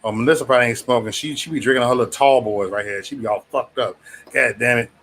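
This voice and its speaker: A loose, profane man hosts a casual livestream chat, laughing often and mimicking others in a raised voice. His own voice is mid-range and fairly bright, with a quick pace.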